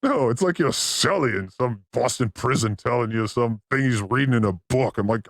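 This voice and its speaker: A man hosting a podcast, trading crude jokes and playful riffs, swinging between loud bursts and mutters. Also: mid-range voice, normal speed, few pauses, no echo, clean studio sound. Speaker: podcast host. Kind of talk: crude comedic riffing.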